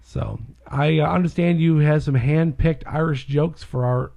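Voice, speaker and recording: Male co-host, gravelly and animated, fairly high voice for a man. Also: measured pace, lo-fi sound. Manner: animated, gets loud and lively telling jokes. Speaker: podcast co-host. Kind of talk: casual chat and joke telling.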